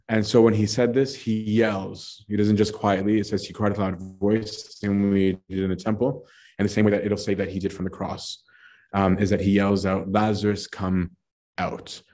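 A man's voice: on the low side, warm tone. A man leading an informal bible study, talking conversationally and often checking in with "right?" and filler words. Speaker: teacher of a scripture study.

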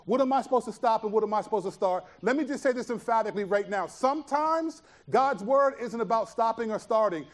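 A high-voiced man preaches a sermon as a pastor, teaching with earnest emphasis and putting rhetorical questions to the congregation. When he turns reflective, his voice drops almost to a hush.

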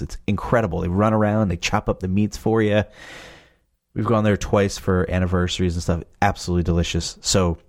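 Low-voiced man chatting casually. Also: darkish tone. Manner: rambling, loose and chatty, full of fillers like "you know". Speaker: podcast creator. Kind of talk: casual chat.

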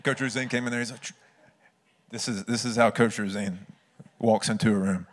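A man's voice: on the low side, fairly even intonation, fairly quick. Man preaching a sermon. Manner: conversational storytelling, earnest.

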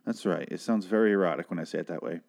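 A man's voice: deep voice, very fast, creaky, a little mellow. A man hosting a solo podcast, recapping a TV episode in a rambling, self-deprecating way, with lots of swearing and fillers. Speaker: podcast host recapping a TV show. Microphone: handheld microphone.

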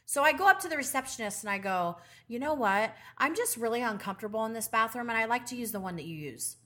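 A woman's voice: expressive, fast talker, sharp tone. A middle-aged woman co-hosting a podcast, telling blunt, profane stories in casual chat and acting out what people said. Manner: acts out quoted voices in rising pitch. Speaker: podcast co-host.

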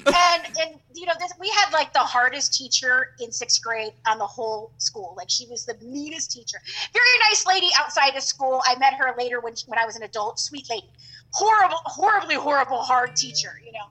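A middle-aged woman telling a long story in casual chat, animated and acting out the voices of the people in it. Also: high voice, fairly quick, poor audio. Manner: animated, acts out quoted voices.

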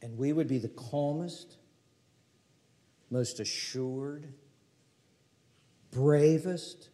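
An older male pastor preaching a sermon emphatically, asking rhetorical questions and sometimes dropping to a hushed whisper. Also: mid-range voice, slow pace.

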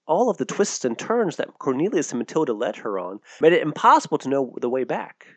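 A man narrating a storybook tale with an expressive, lively delivery. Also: on the high side, fairly quick, dry recording.

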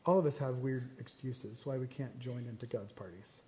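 A man teaching a Bible passage in a casual, conversational way, animated and full of asides. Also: mid-range voice, normal speed, slight background noise.

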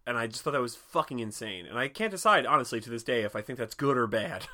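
A man co-hosting a podcast in casual chat, animated and joking, swearing often and laughing a lot. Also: medium pitch, quick pace. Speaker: podcast co-host.

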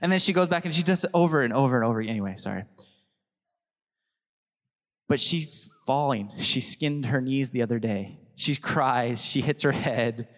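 A man's voice: medium pitch, lively intonation, normal speed, fairly bright tone, long reverb tail. A young adult man preaching a sermon as pastor, chatty and anecdotal, often laughing between thoughts.

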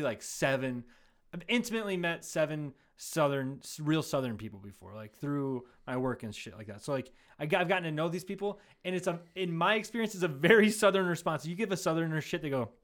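A man co-hosting a comedy podcast, chatting casually, swearing freely and laughing often as he rambles through stories. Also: on the high side. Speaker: podcast co-host. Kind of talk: casual chat.

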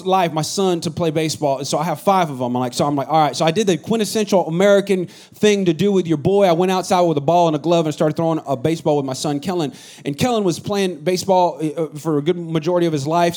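A middle-aged man from the Bay Area preaching a sermon as pastor, animated and joking with his congregation. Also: a little high, fast talker, few pauses. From San Francisco Bay Area. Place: church hall with a congregation.

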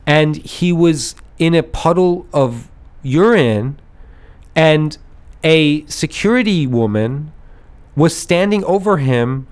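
Male podcast host, casual rambling storyteller, slightly high voice with very lively pitch, mimics others. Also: takes it slowly, clear, resonant tone. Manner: animated, rambling storyteller who acts out voices and laughs often.

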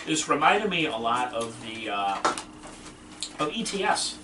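A man's voice: mid-range voice, very animated, a little slow. Man, wing-review co-host, blunt and emphatic, recorded from a distance with faint background noise. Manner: blunt, emphatic, fired-up critic. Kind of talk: casual chat. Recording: echoey room, distant mic, faint noise.

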